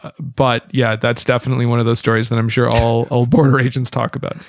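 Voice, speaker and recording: A man co-hosting a podcast, telling an animated story and acting out what people said. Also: medium pitch, quick pace. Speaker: podcast co-host. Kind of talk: casual storytelling chat.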